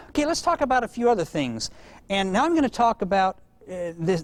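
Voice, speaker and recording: Brief: male parenting educator, high, lively voice, warm storyteller who laughs at his own anecdotes, dry close sound. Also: dry recording. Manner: animated, acts out quoted voices, laughs at own stories. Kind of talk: storytelling lecture to a live audience.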